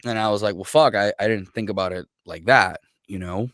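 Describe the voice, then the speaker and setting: A man who is a military veteran, guest on a podcast, telling stories in a casual, profane, animated way and acting out what others said. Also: on the low side, brisk, no room sound, studio quality. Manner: profane, animated storyteller who acts out quotes. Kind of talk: casual storytelling.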